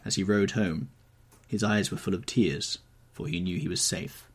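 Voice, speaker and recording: A man narrating a classic novel chapter for a podcast in a measured, dramatic storytelling manner. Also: sits low, steady tone, breathy edge. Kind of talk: scripted narration.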